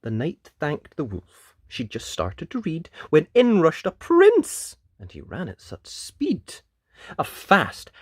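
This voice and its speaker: Lady reading a kids' rhyming book, super bouncy, slow and lowish. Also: breathy edge, no room sound, clean studio sound. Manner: expressive, sing-song rhyming delivery. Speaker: storybook reader. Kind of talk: children's picture book read aloud.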